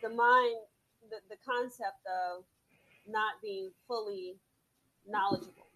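A middle-aged woman in a casual discussion, telling a story in a measured, earnest way and often saying "you know". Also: medium pitch, fairly even intonation, sharp tone, low-quality recording. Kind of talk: casual chat.

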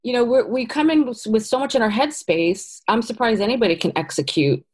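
Woman, middle-aged, casting director, casual interview, lively storytelling, quotes acted out. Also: a little high, brisk, breathy edge. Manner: animated storyteller, acts out quotes.

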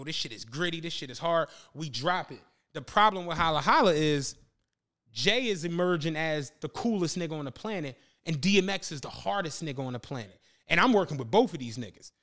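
A man's voice: a little high, expressive, fairly quick, fairly bright tone. A man hosting a podcast, telling a story in casual chat and acting out the quotes, with lots of profane slang. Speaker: podcast host.

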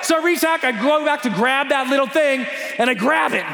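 A man telling a story as a motivational speaker, animated and acting out scenes with shouts and sound effects, presenting to an audience with slides. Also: very high-pitched, a little fast, gravelly, some chatter behind. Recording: roomy hall reverb with faint noise.

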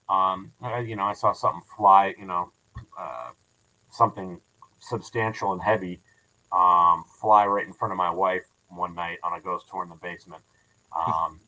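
On a rough recording, a man with a lowish voice tells stories in a casual podcast interview, restarting often. He owns a building and runs a ghost tour, and he spins his tales as an animated storyteller.

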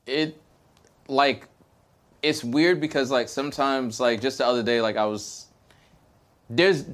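A man in casual podcast chat who talks things through slowly, circling back with fillers and restarts before landing a point. His voice sits at an ordinary middle pitch with nothing unusual about its tone. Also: steady tone, a bit bright. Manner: reflective, hesitant storytelling with many fillers. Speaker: podcast co-host.

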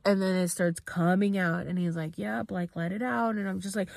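Young woman podcasting, chatty and animated, says like a lot, dry close mic, no room sound. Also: mid-range voice, normal speed, gravelly, dry recording. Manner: animated retelling, acts out her own panicked voice; heavy use of "like", informal swearing. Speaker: podcast host. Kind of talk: casual storytelling.

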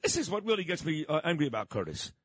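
A man's voice: a little high, big pitch swings, fast, a bit bright, breathy edge, no echo. A middle-aged man hosting talk radio, brash and teasing, swearing freely and cutting in on his guest. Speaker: radio host.

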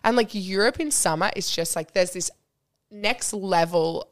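A woman's voice: medium pitch, a little slow. A young adult woman, a podcast guest telling bubbly, giggly stories in a casual chat. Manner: bubbly, giggly storytelling, full of "like".

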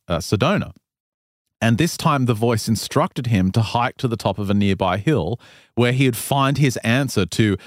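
A man hosting a casual talk show, retelling a strange tale in an animated way with frequent laughs. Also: lowish voice, no room sound, studio quality. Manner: animated retelling, laughs often, loose fillers. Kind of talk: casual storytelling chat.

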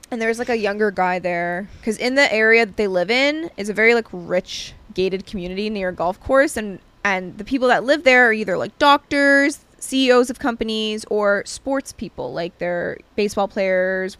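A woman's voice: mid-range voice, a bit bright, dry recording. A young woman co-hosting a podcast, telling a story in casual chat, full of "like" and acted-out quotes. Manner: chatty storyteller, lots of "like", acts out quotes. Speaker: podcast co-host.

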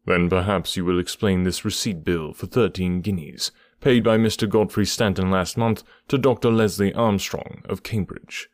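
A man voicing a brisk, sharp-witted male detective with a measured, probing, dryly ironic delivery. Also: low-pitched, fairly even intonation, no echo, lightly acted.

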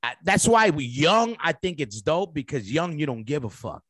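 Give me a profane, eager New host, slightly higher voice. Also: male voice, lively intonation, moderate pace, a bit bright, breathy edge, dry recording, studio quality. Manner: profane, enthusiastic interviewer. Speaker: podcast host. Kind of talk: casual chat.

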